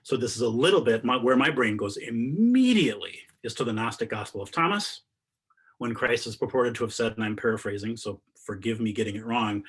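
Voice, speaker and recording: Husky-voiced man giving a spiritual talk. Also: mid-range voice, a little fast. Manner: earnest, animated, rising to emphatic questions and dropping to soft endings. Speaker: meditation teacher. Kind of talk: spiritual talk over video call. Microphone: video call.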